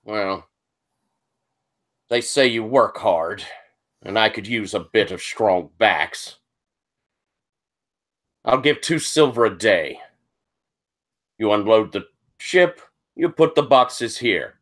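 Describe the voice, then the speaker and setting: A man voicing a curt, gruff dock foreman hiring laborers. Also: on the low side, lively intonation, slow pace, long pauses, fairly bright tone.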